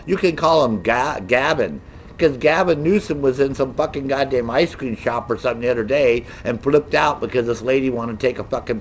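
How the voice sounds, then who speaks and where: A middle-aged man ranting casually with a lot of profanity, in a lively, mocking storytelling way. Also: mid-range voice, gravelly, slight background noise. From United States. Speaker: gaming streamer.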